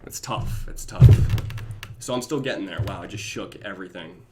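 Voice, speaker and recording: A young man chatting casually on his own live stream, reading viewer comments and often breaking into laughter and goofy high voices. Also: moderate pace, heavy background noise. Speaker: YouTube reactor.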